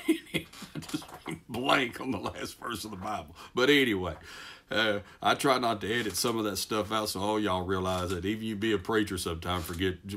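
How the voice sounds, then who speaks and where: A middle-aged pastor with a deep, low Texan voice preaches in a folksy, rambling style, tone a bit bright. He jokes at his own expense and loops back to his point through lots of ums and restarts.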